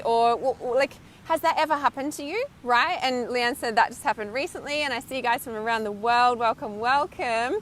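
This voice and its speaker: A woman's voice: a little high, normal speed, hardly any pauses, fairly bright tone, a little hiss or hum. A woman mentor talking casually and with animation to her viewers, often asking "right?" and laughing between thoughts. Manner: emphatic, swears casually. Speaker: intuitive healer and mentor. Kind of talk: live stream talk to viewers. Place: outdoors, windy beach.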